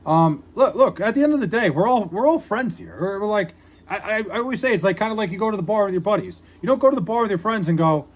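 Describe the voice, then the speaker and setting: A male streamer with a fairly high voice chats casually on his live stream, reading viewer comments aloud. He answers with loose, joking banter, cursing freely and poking fun at himself. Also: expressive, fast. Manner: joking, profane, self-mocking banter with viewers. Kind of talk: casual livestream chat.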